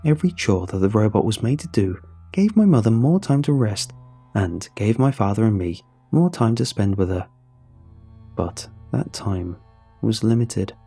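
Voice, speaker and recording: A man narrating a horror story in a measured, somber way. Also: lowish voice, lively intonation, mellow, breathy edge. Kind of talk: scripted narration. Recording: faint music under the narration.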